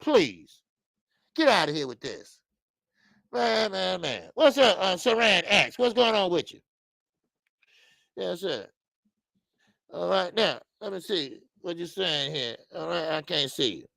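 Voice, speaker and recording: A man hosting a boxing live stream, reading viewer comments and ranting in an animated way, with many stammered fillers. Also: sits high, takes it slowly, creaky, pauses often, dry recording. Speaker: boxing channel host.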